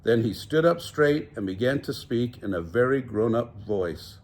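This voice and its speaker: Husky-voiced older man reading a storybook. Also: medium pitch, animated, moderate pace, few pauses, a little mellow. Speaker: storybook reader. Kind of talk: reading a children's picture book aloud.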